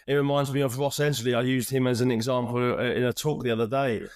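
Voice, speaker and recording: A man hosts an interview podcast with an earnest, encouraging tone, circling back and restarting as he builds his point. His voice sits at an ordinary middle pitch. The sound is dry and close. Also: steady tone, quick pace, no echo. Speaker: podcast host. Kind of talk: reflective interview chat.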